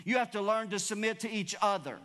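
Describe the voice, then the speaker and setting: A pastor delivers an emphatic sermon, calling out to his congregation. His voice sits high for a man. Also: fairly quick, fairly bright tone. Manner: preachy, emphatic, calls out to congregation.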